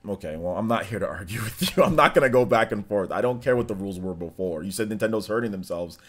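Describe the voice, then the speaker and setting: A fast-talking man with a fairly low, lively voice hosts a casual livestream over faint game music. Chatty and laughing often, he reads viewers' comments and answers them directly.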